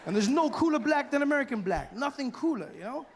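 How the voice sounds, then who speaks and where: A man from Africa performing stand-up comedy, animated and mimicking voices, recorded live on stage. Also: very high-pitched, fast talker, long reverb tail, a little hiss or hum. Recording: live show with loud crowd. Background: audience laughter.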